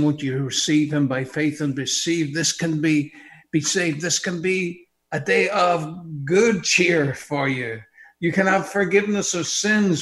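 Preacher, man, radio sermon; slow, fervent, lifts from a hush to a shout. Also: fairly high pitch. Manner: fervent, swings from hushed to shouting.

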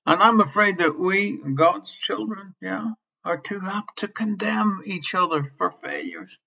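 Slow, bright-voiced impassioned male preacher. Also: sits high, creaky. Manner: impassioned, swinging between loud emphasis and soft near-whispers; repeats key phrases for emphasis. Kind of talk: sermon. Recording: slightly dull lo-fi sermon recording.

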